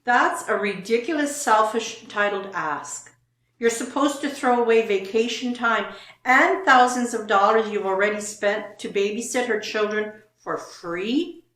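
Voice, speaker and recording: A woman's voice: a little high, unhurried, fairly bright tone, roomy sound. A woman co-hosting a casual show, reading online posts aloud and commenting on them.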